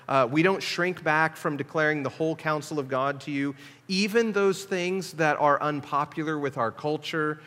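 A man's voice: a little high, moderate pace, a bit bright. A man preaching a sermon in a conversational, emphatic way, asking his listeners questions. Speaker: pastor. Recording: long hall reverb.

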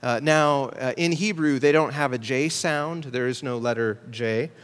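A man preaching a sermon in a steady, teaching manner, slowing down to stress key words. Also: medium pitch, clean tone, in a large hall. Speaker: pastor.

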